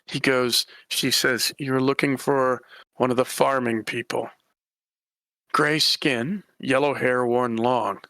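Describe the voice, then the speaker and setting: Man, game master, gravelly, bright, rambling narration, voices characters. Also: medium pitch, steady tone, slow, dry recording. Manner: rambling, laughing, voicing characters.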